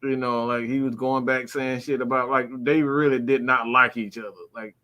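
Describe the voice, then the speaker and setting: A man's voice: medium pitch, little pitch movement, moderate pace, sharp tone. A man co-hosting a live stream, rambling in casual chat with lots of fillers. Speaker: podcast co-host.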